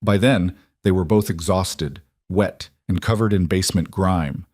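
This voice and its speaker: A man reading a dramatic story in an even, measured narration style. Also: low-pitched, no room sound, clean studio sound. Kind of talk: scripted narration.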